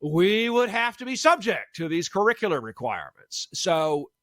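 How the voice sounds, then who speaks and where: A man's voice: high-pitched, very animated, normal speed, fairly bright tone, no room sound. A man, a law professor guest in a casual radio interview, thinking aloud with many fillers and restarts. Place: radio studio.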